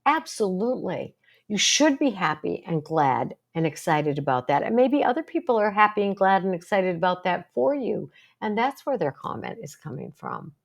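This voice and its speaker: An older woman with a lowish voice tells stories from her own life and draws a lesson from them. She talks in an earnest way and keeps asking rhetorical questions. She sounds like a psychologist speaking to the people in her support group. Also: huge pitch swings, moderate pace, gravelly. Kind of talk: casual talk to camera.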